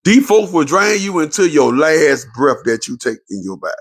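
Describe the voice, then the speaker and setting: A man's voice: a little high, big pitch swings, normal speed, breathy edge. A man, giving an impassioned, preachy monologue to viewers about relationships, repeating his points for emphasis. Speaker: relationship commentator.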